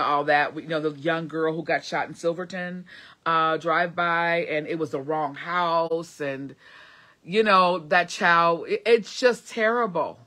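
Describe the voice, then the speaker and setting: A woman's voice: low voice, bright, forceful tone. A woman vlogging to camera, talking earnestly about faith and prayer, rambling with many fillers. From Cincinnati area, USA. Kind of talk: casual motivational talk.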